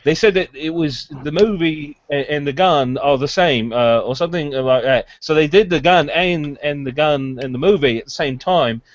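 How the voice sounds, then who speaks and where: A man's voice: on the high side, moderate pace, few pauses, muffled recording. A man co-hosting a firearms news podcast, chatting sarcastically about new products. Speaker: podcast co-host. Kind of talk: casual news commentary.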